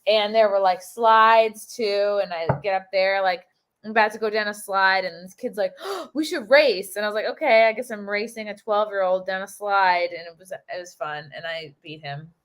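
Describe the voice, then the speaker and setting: A woman hosting a livestream, chatting casually, reacting loudly and reading viewer messages aloud. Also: mid-range voice, steady tone, normal speed, smooth. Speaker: livestream host.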